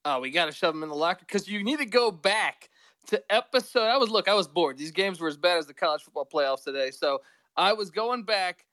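Excitable male guest on a cell phone. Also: high-pitched, fairly quick, dry recording. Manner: rambling, excitable storyteller. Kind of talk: casual sports chat. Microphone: cell phone with earphones.

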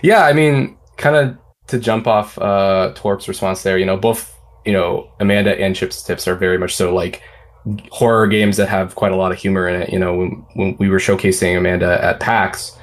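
A man's voice: sits low, fairly even intonation, normal speed. A man, a game developer hosting a panel, talking easily with many fillers. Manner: easygoing, filler-heavy, laughs readily. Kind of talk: casual panel chat.

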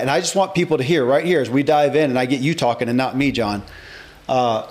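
Podcast host man, forties, eager and chatty, medium voice. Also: mid-range voice. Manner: enthusiastic, reads aloud from a book. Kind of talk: casual interview chat.

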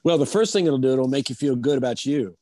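A man coaching on a video call, calm and measured as he explains and tells a teaching story. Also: medium pitch, no room sound.

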